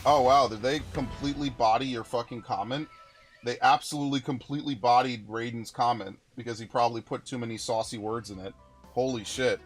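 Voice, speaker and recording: A man's voice: mid-range voice, fairly even intonation, a little fast. A man giving profane, ranting let's-play commentary while reacting to chat comments. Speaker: gaming YouTuber. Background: game music.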